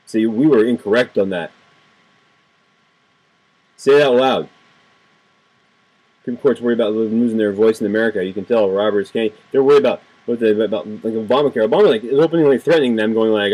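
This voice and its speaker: A man's voice: medium pitch, fast talker, pauses often, dark tone, low-quality recording. A man delivering an impassioned, indignant political rant to camera, repeating phrases for emphasis. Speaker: political video blogger. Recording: home webcam video.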